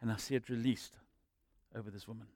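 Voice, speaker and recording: A man's voice: lowish voice, fairly even intonation, quick pace, dry recording. Dry, close-miked male preacher. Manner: storytelling, swinging from loud emphasis to hushed asides. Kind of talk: sermon with personal testimony.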